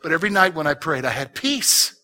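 A man pastor preaching a sermon, swinging between loud urging and hushed, intimate talk and repeating short exhortations. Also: on the high side, very animated, brisk.

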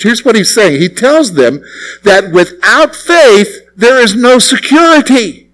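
Conversational high-voiced male pastor. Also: lively intonation, takes it slowly, a bit bright, poor audio. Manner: conversational, asks the congregation questions. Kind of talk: sermon.

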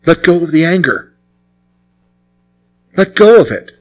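A man's voice: on the high side, big pitch swings, unhurried, rough recording. A man preaching a sermon as pastor, emphatic and repeating his key phrases.

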